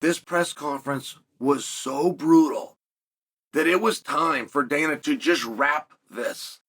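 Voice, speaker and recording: A man's voice: fairly high pitch, slow, a bit bright, breathy edge. A man hosting a solo sports commentary, talking emphatically and building his points through repetition.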